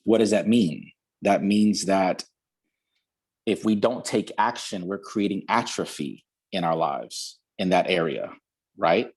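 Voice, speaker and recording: A man with a husky, slightly rough voice delivers an energetic pep talk. He hammers his points home by repeating them, and the sound has the plain quality of a video call. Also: low voice, slow pace. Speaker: guest speaker. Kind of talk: motivational talk.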